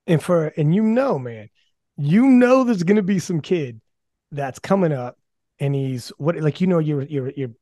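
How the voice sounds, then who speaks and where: A man hosting a podcast in casual chat, animated and swearing often, restarting his sentences. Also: fairly high pitch, measured pace, dry recording, studio quality. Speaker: podcast host.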